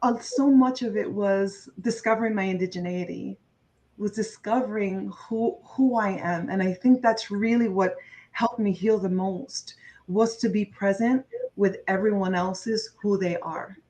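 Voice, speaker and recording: Earnest woman coach, mid-pitched voice. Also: a little slow, a little mellow, rough recording. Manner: earnest and heartfelt, repeats phrases for emphasis. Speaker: interview guest, lifestyle coach. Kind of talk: conversational interview.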